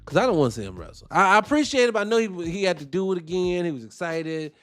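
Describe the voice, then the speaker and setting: A man's voice: high voice, quick pace, soft background music. A man hosting a wrestling podcast, giving blunt, profane opinions in casual commentary and answering his chat. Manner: animated, blunt, profane, talks back to chat.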